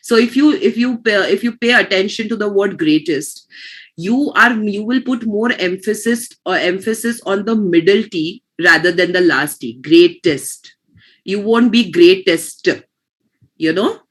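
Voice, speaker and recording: A woman's voice: mid-range voice, normal speed. A woman teaching pronunciation in an online class, explaining patiently and restarting her phrases.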